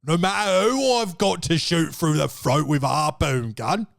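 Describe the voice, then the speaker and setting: A gruff, menacing Cockney vigilante, put on by a man in a podcast rant. He growls his threats in a Cockney accent, pitched a little higher than a plain speaking voice. The sound is close and dry. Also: normal speed, dry recording.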